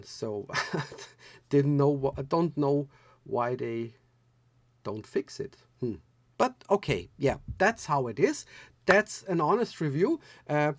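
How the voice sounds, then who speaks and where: A man's voice: fairly high pitch, dry recording. A man from Austria, German, giving a casual, rambling gear review with many restarts. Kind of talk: casual product review vlog.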